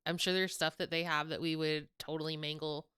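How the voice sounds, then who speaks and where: A young woman co-hosting a podcast in casual chat, animated and laughing often. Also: deep voice, fairly quick, clean tone, dry recording, studio quality. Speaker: podcast co-host.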